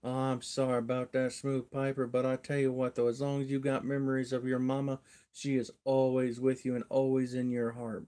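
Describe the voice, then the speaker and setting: Folksy rambling man, mellow voice. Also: medium pitch, monotone, fairly quick. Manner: rambling, folksy, chuckles often. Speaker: livestream host. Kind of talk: casual rambling storytelling.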